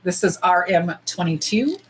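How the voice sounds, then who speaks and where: Woman, casual livestream chat, swears freely, low-ish voice, faint background noise. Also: normal speed, low-quality recording. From United States. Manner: chatty, animated, swears freely, says y'all. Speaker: nail polish swatching livestreamer.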